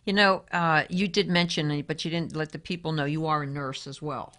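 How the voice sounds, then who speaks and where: A woman's voice: low voice, fairly even intonation, moderate pace, a bit bright. A woman hosting a talk show, asking a guest direct questions. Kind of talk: interview questions.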